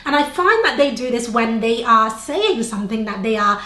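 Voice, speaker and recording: A woman's voice: a little high, expressive, moderate pace, sharp tone, reverberant. A young adult woman teaching on-camera tips to the viewer, shifting her tone and pace on purpose and checking in with questions. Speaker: video presentation coach. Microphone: camera facing speaker.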